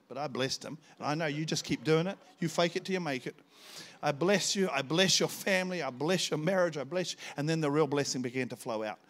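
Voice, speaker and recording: An older man preaches to a church congregation, his voice sitting a little high for a man. He tells his stories with energy, breaking into sudden shouts as he acts out what was said. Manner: storytelling, animated, bursts into shouts when acting out scenes. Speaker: visiting pastor. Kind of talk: sermon.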